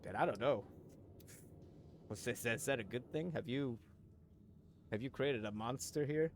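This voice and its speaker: A livestreamer talks to his chat in a rambling, joking way, full of fillers, restarts and casual swearing. His voice is mid-range and unhurried, with slight background noise.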